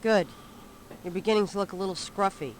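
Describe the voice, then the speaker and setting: An actress playing a sharp-tongued young woman shop assistant in a 1990s adventure game, sassy and dry. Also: mid-range voice, brisk, close to an everyday voice, poor audio.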